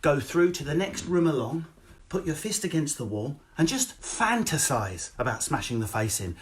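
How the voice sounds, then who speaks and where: Brash male stand-up, quick and sweary, animated storyteller, streaming from home on a webcam. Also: a little high, slight background noise. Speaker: stand-up comedian. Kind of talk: live-streamed stand-up set. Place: home, indoors. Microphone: phone or webcam.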